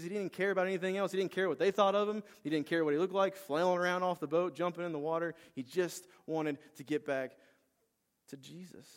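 A man preaching a sermon, retelling a Bible story with lively acted-out lines and rising energy. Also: sits high, quick pace. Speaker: pastor.

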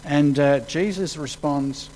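A man preaching a sermon, acting out the quotes he reads with sudden rises in pitch and volume. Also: slow, slight background noise, poor audio. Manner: animated, acts out quotes with sudden jumps in pitch and loudness.

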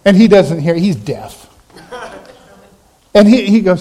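A man's voice: sits high, takes it slowly. A middle-aged male pastor preaching a sermon, telling a personal story and acting out the people in it. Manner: animated storytelling, acting out quoted voices.

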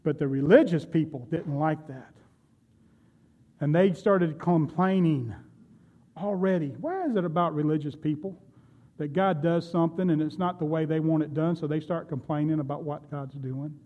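A man's voice: a little high, moderate pace, narrow, tinny audio. A man preaching a sermon, retelling Bible stories and speaking directly to his congregation. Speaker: pastor.

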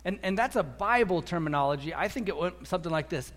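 Animated preacher man in an echoey hall. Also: high-pitched, quick pace, few pauses. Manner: animated, acts out quotes, repeats words. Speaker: pastor. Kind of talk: sermon.

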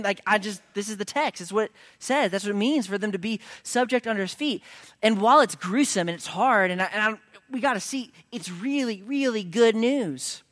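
A man preaching a sermon, moving between casual asides and loud, emphatic declarations, at times dropping to a hush. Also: sits high, no echo, clean studio sound. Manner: conversational preaching that swings from hushed to loud and emphatic. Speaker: pastor.

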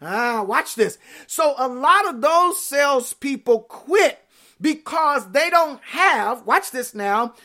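A woman, preaching a sermon in an animated, playful way full of rhetorical questions. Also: sits high, slow pace.

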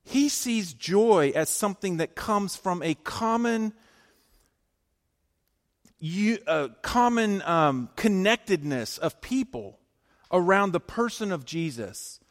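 A male pastor preaching a sermon, emphatic, swinging between loud declarations and hushed lines. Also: sits high, in a large hall.

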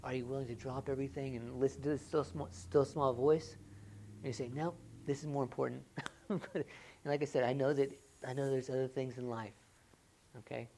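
A woman preaching a sermon in a church, moving between loud, excited rhetorical questions and quiet, earnest appeals. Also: very deep voice, fairly quick, slight background noise.

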